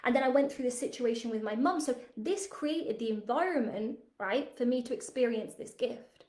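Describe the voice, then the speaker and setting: A woman's voice: a little high, moderate pace. Chatty woman teacher in a roomy space. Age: 30s. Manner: chatty, animated, frequent "right?" tags. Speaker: spiritual teacher. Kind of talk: masterclass teaching monologue.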